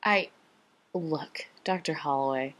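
A woman's voice: deep voice, slow, a bit bright, exaggerated voice. A woman voicing a tired, sheepish male officer who speaks feebly. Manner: feeble, lame, evasive.

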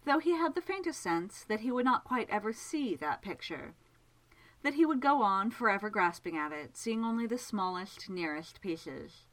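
A woman reads a story aloud with gentle, measured care. Her pitch sits in the middle but moves in wide, lively arcs, giving the prose an animated lilt. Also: rough recording. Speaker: reader. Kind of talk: storybook narration read aloud.

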